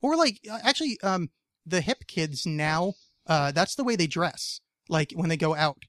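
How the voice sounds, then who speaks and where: A podcast host chats casually, rambling with plenty of fillers, jokes and swearing. His male voice is on the high side and fairly bright, with lively intonation and a moderate pace, captured in a dry, clean studio recording.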